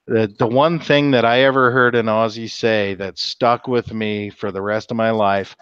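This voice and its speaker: A man's voice: on the low side, steady tone, normal speed, few pauses, fairly bright tone, clean tone, no echo, highs cut off. A man hosting a casual livestream chat, joking and swearing as he tells stories. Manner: crude, joking storyteller. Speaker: host.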